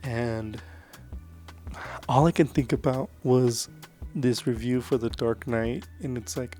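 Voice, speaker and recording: Casual male vlogger at mid pitch, rambling and earnest, over faint music. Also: steady tone, slow pace, long pauses, mellow. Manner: loose and rambling, full of "like" and "um" fillers; earnest and enthusiastic about films. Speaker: vlogger reviewing movies. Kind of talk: casual movie review chat.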